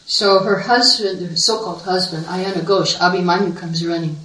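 A woman retells a devotional story in a sermon, earnest and vivid. Her voice is bright and forward. The recording is roomy, and she stands at a distance from the mic. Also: lowish voice, moderate pace. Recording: echoey room, voice far from mic.

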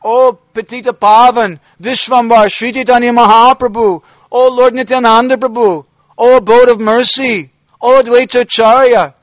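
A man's voice: extremely high pitch, steady tone, normal speed, no room sound, pitched above the performer's own voice, low-quality recording. A man voicing a grief-stricken male devotee who cries out in anguished, pleading calls. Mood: anguished wailing.

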